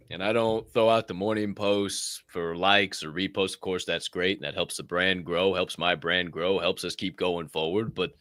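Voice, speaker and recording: A man hosting a live podcast, chatting in a profane, animated way. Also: deep voice, no echo, clean studio sound. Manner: profane, animated, acts out quoted voices. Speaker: podcast host. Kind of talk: casual live-show chat.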